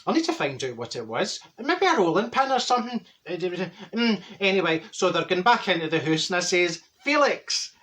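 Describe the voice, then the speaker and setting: A man's voice: high voice, sing-song, normal speed, few pauses, fairly bright tone. A man playing a blunt, gossipy older woman from Glasgow, with a broad Glaswegian accent, telling a rambling comic story. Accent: Glaswegian Scottish. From Scotland. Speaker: comedy character. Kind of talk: character comedy monologue.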